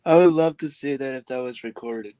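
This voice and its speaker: A man's voice: medium pitch, brisk, dark tone, dry recording. A man hosting a casual chat, who laughs often and reacts in short bursts.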